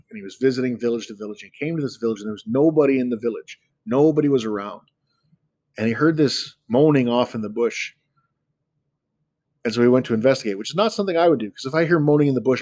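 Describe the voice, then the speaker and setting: A man in his thirties talks casually on his podcast, telling a story in a relaxed, chatty way with self-deprecating asides. His voice sits at an ordinary middle pitch. The recording is dry and close. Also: no room sound. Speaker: podcast host.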